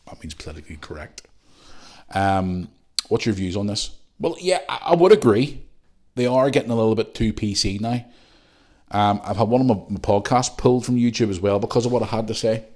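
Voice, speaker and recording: Northern Irish man, middle-aged, fairly low voice, chatty podcast host, jokey asides. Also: fairly quick, darkish tone. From Northern Ireland. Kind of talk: casual chat reading listener messages.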